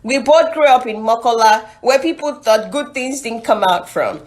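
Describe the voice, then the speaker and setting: A woman's voice: fairly high pitch, animated, moderate pace, a little mellow. A Nigerian woman with a Nigerian accent hosting a live online webinar, encouraging and motivational, on a video call mic. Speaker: webinar host.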